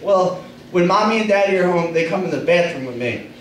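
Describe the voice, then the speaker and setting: A woman's voice: lowish voice, expressive, fairly quick, a little hiss or hum, lightly acted. A man voicing a small, matter-of-fact five-year-old girl in a stand-up bit, recorded in an echoey room from a distance.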